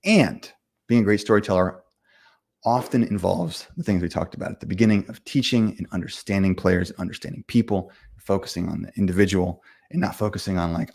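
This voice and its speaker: A man hosting a livestream chat who talks quickly, stacking fillers and restarts. His voice sits low, gravelly and a bit husky. He comes across as blunt and self-assured. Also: darkish tone. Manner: fast, rambling, full of fillers and restarts. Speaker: livestream host and game company owner. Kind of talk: casual livestream chat answering comments.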